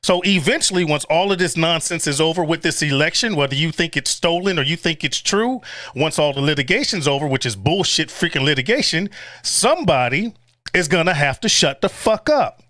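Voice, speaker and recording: A man's voice: on the high side, animated, a little fast, pushed and bright, no room sound. A man hosting a casual livestream, blunt and profane, chuckling often and reading viewer chat aloud. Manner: chuckles often between remarks. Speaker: livestream host.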